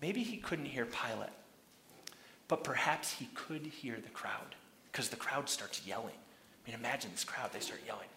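A man preaching a sermon, retelling a story dramatically and shouting out the crowd's lines. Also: mid-range voice, animated, moderate pace, roomy sound.

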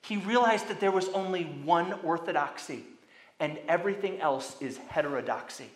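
Male pastor, high-pitched, measured sermon delivery, emphatic swings in volume, roomy sanctuary echo. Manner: emphatic, swings between hushed asides and loud commands.

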